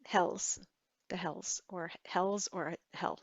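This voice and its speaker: A woman teaching a Tibetan lesson, halting and correcting herself as she spells words out syllable by syllable. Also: on the low side, steady tone, gravelly, husky, dry recording, dull audio. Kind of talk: relaxed online language lesson.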